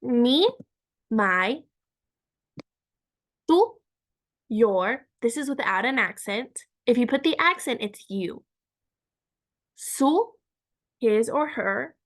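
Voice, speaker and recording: Woman Spanish teacher, slow careful delivery, fairly high voice, repeats words for learners. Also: lively intonation, fairly bright tone. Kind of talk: language lesson.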